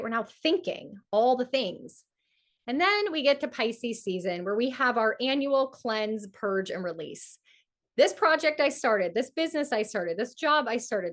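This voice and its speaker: A woman astrologer leading a live community event, teaching in a lively way and acting out inner voices with repeated phrases for emphasis. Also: a little high. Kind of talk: energetic teaching talk with guided ritual.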